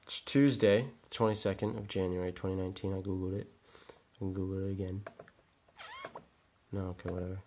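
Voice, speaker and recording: A man's voice: sits low, fairly even intonation, quick pace, few pauses, noisy background. A young man vlogging casually, rambling with lots of fillers and self-deprecating asides. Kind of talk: casual vlog talk. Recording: echoey room.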